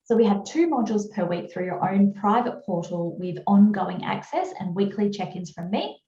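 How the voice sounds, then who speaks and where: A woman with an Australian accent giving a chatty, upbeat webinar pitch with frequent fillers over a video call. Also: lively intonation, moderate pace, mellow. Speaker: webinar presenter. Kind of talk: webinar presentation. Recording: roomy, dull video-call audio.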